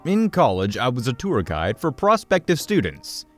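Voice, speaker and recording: Animated male storyteller. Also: mid-range voice, moderate pace, faint music behind. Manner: lively, expressive storytelling. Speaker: story narrator. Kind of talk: reading Reddit stories aloud.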